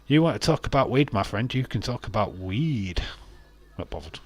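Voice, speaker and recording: A man's voice: on the low side, animated, moderate pace. A man hosting a casual wrestling watch-along stream, rambling, laughing often and reading out viewer comments.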